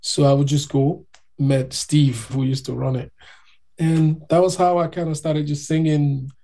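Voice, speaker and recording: A man telling a personal story in a casual, animated way, acting out other people's voices. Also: on the high side, unhurried. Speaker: guest.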